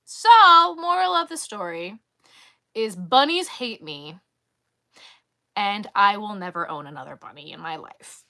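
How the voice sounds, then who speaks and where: A woman vlogger casually telling a story in an animated, exasperated way. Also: medium pitch, unhurried, vocal fry. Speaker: crochet vlogger.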